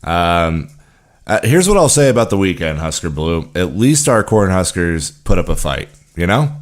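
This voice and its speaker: A man's voice: deep voice, sing-song, moderate pace. A man co-hosting a football podcast in easygoing, chatty conversation, often saying "you know". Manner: laid-back, chatty, uses "you know" a lot. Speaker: podcast co-host. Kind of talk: casual podcast chat.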